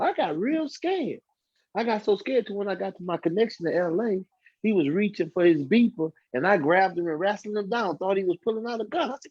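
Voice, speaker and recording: A man's voice: high-pitched, expressive, fairly quick, a little mellow, slightly rough, dry recording. A man telling his life story on a podcast, acting out the voices of the people in it. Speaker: podcast guest. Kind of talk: casual storytelling testimony. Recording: dull lo-fi dry sound.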